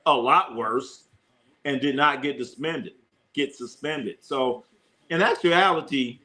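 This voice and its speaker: Bright-voiced excitable sports stream host. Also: male voice, medium pitch, slow. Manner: excitable, banters with chat, repeats himself. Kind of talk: live-stream sports talk.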